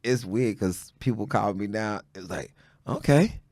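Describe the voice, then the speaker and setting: A man from Houston, a stand-up comedian guesting on a podcast, telling stories in an animated way and building up to shouted punchlines. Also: lowish voice, moderate pace, no echo, clean studio sound. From Houston, Texas. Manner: animated storyteller who rises into shouted punchlines. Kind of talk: casual chat, comic storytelling. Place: podcast studio.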